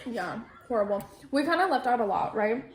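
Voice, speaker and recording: A young woman chatting casually as co-host of a sisters' vlog, relaxed and talking while she eats. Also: on the high side, a little fast, reverberant. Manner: relaxed, talks while eating. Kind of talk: casual chat.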